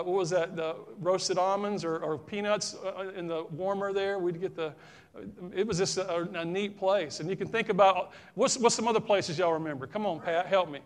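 Folksy Southern pastor, high voice. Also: male voice, fairly bright tone. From South Carolina, US. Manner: folksy, talks straight to the congregation. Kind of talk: sermon.

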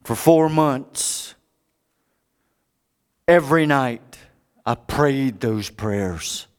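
A male preacher delivering an impassioned sermon. His voice is smooth and clear, swinging widely in pitch, and he takes an unhurried, deliberate pace. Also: lively intonation. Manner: dramatic, impassioned, sweeping pitch.

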